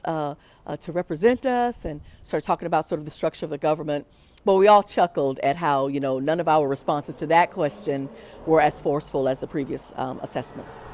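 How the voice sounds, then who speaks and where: A woman telling a personal story to an audience, animated and reflective, acting out the voices of people she quotes. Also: sits low, dry recording. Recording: pre-recorded for a virtual event.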